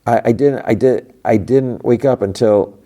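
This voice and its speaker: A man's voice: medium pitch, mellow, pitched above the performer's own voice, natural voice. A man voicing a frightened, guilt-ridden young man who stammers and halts as he talks. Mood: anxious. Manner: stammering, halting.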